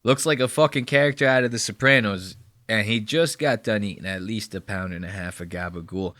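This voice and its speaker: A man's voice: fairly low pitch, fairly quick, a bit bright, no room sound, studio quality. A man in his thirties from New Jersey, hosting a podcast with rambling, mocking commentary full of swearing. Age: 30s. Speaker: podcast host. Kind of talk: casual profane commentary.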